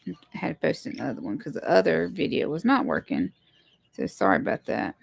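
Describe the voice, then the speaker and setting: Hosting a livestream from her homestead, a woman chats casually with viewers in a low, creaky voice that is very animated and fairly quick. She greets people as they arrive and apologizes for technical trouble.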